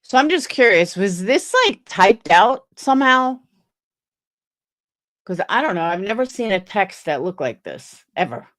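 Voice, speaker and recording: A woman's voice: mid-range voice, sing-song, measured pace, fairly bright tone. Chatty skeptical woman livestreaming. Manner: chatty, skeptical, reads messages aloud to viewers. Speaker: livestream host. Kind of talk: casual livestream commentary.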